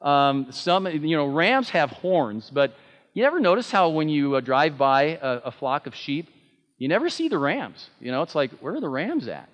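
Pastor, male, slightly high voice, earnest sermon delivery with restarts, long hall reverb. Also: very animated, normal speed. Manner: earnest, emphatic, with fillers and restarts.

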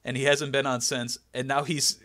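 A man co-hosting a podcast, recapping an old episode in casual, profane, animated storytelling. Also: medium pitch, normal speed, no room sound, studio quality. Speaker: podcast co-host. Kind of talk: casual chat recapping wrestling.

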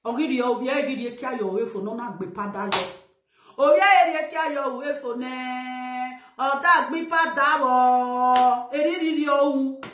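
High-voiced Nigerian woman ranting. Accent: Nigerian Pidgin English. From Edo, Nigeria. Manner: scolding, insulting, loud exclamations. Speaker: live video presenter. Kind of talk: heated live-video rant. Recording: echoey room.

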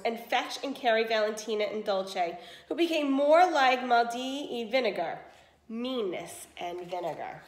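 A woman reads a picture book aloud at an unhurried pace and gives the lines plenty of expression. She drops in Spanish phrases as she goes, and her voice sits a little high. The room around her is echoey. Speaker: read-aloud storyteller.

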